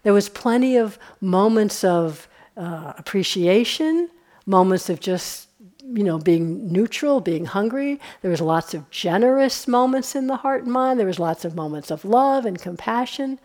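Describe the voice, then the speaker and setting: A woman meditation teacher giving a relaxed, conversational dharma talk on a retreat, often chuckling. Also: mid-range voice, measured pace. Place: retreat center hall.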